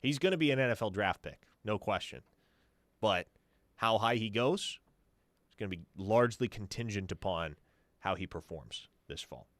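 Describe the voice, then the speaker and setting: A man's voice: on the low side, animated, normal speed, fairly bright tone, dry recording. A man hosting a sports talk radio show, confidently answering listener questions as a team insider. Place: radio studio.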